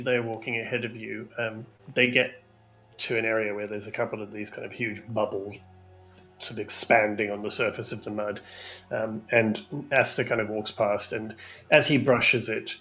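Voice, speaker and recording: A man's voice: lowish voice, fairly bright tone. A man running a tabletop game as game master, narrating the scene in a hesitant way, full of ums. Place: home room.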